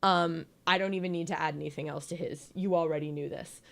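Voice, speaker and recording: A woman's voice: low-pitched, steady tone, a little fast, vocal fry, fairly bright tone. A young woman giving a casual, joking slideshow presentation, playful and giggly with lots of ums.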